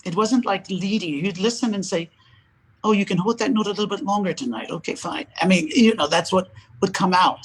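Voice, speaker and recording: An older man, a guest opera singer, chatting in an interview and telling lively stories in which he acts out the lines of other people and laughs often. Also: high-pitched, a little fast, slightly rough, poor audio. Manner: animated storyteller, acts out quoted dialogue, laughs often. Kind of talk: casual interview chat.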